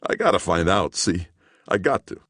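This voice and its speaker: A man's voice: deep voice, expressive, moderate pace, a bit bright, no room sound, studio quality, voice pushed up. A man reading an audiobook, voicing a desperate, down-and-out man who whimpers and pleads in slangy speech.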